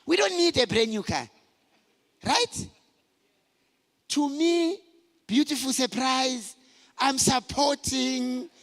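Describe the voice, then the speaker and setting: A middle-aged man telling personal stories to a conference, animated and shouting for emphasis. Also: extremely high pitch, slow pace, pauses often. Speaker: conference speaker. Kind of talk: motivational talk to men. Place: large conference hall. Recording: hall reverb.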